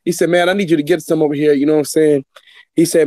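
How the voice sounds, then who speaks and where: A man's voice: a little high, flat delivery, quick pace, mellow, dry recording. A man from California telling workplace stories in casual chat as a podcast co-host, acting out coworkers in a raised voice. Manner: storytelling, acts out coworkers in a raised voice, laughs often.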